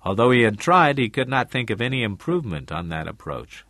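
A man narrating a story aloud in a measured way. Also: medium pitch, very animated, fairly bright tone, no room sound, clean studio sound. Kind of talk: audiobook narration.

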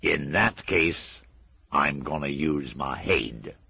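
A man's voice: rumbling low, lively intonation, slow, vocal fry, sharp tone, slightly rough, no room sound, dull audio, full character voice. A man voicing a scrappy, stubborn old man, growling and blunt, in a storybook reading. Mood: gruff.

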